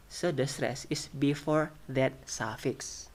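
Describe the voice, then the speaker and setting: A man's voice: mid-range voice, measured pace, hardly any pauses. A man lecturing on phonetics, listing example words and often checking in with the class. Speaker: phonetics teacher.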